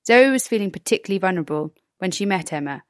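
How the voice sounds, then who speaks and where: A woman presenter reading scripted narration in a clear, even way. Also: mid-range voice, quick pace, no echo, studio quality.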